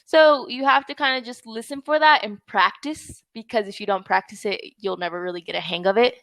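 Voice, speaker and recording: A woman's voice: medium pitch, fairly bright tone, no room sound. Woman tutor coaching English pronunciation. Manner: friendly, patient coaching, models sounds slowly. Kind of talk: online English lesson. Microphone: video call.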